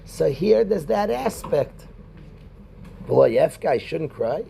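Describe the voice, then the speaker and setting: A rabbi teaching a Talmud class in a conversational way, quoting Hebrew and Aramaic and calling on students by name. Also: male voice, fairly high pitch, big pitch swings, takes it slowly, gravelly, warm tone, a little hiss or hum.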